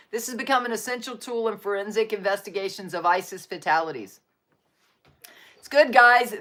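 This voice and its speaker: Woman, live stream host, reads news aloud, casual, faith-based asides, coos at her dogs, middle pitch. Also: sharp tone. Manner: breaks off to coo at her dogs.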